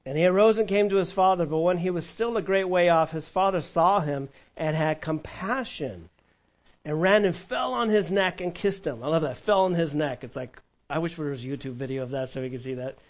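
A man preaching a sermon in a church, shifting from lively emphasis to hushed, conversational asides. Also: on the high side, fairly quick, low-quality recording. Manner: animated, conversational preaching with sudden drops to a hush. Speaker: pastor.

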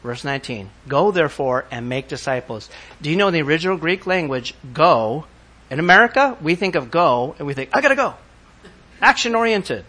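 A man's voice: a little high, lively intonation, brisk, bright, forceful tone. A man preaching a sermon, emphatic and asking his congregation rhetorical questions. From not from the country where he preaches. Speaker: pastor.

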